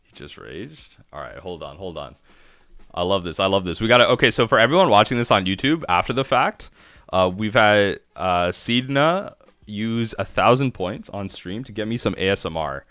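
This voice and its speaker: A man's voice: fairly low pitch, lively intonation, normal speed, a bit bright, no echo, studio quality. A man streaming a card game, thinking aloud in rambling self-talk as he plays. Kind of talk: live-stream gameplay commentary.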